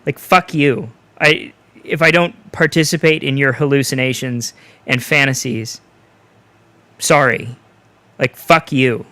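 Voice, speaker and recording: A man's voice: medium pitch, steady tone, measured pace, bright, forceful tone, no echo. A man co-hosting a podcast in casual chat, ranting bluntly and swearing freely. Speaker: podcast co-host.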